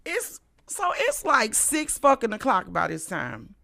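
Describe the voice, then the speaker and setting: Middle-aged St. woman hosting a stream, sharp-toned, profane, animated storytelling. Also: fairly high pitch, a little slow, creaky. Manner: animated, profane, swings between loud and hushed. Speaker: livestream host. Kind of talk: casual storytelling monologue.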